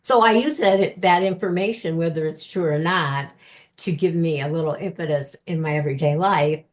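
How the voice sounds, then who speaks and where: A woman appears as a guest author in a casual interview, telling personal stories in a chatty way and laughing often. Her voice sits low, at a normal speed.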